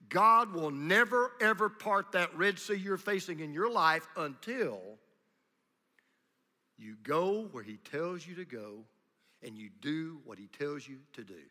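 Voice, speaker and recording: A man preaching a sermon as pastor, swinging from hushed asides to loud, emphatic declarations. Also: high voice. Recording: long reverb of a large hall.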